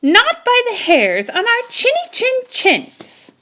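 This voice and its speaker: Woman doing squeaky frightened little pigs. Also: huge pitch swings, slow, bright, forceful tone, exaggerated voice. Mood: defiant. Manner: shrill defiant crying out.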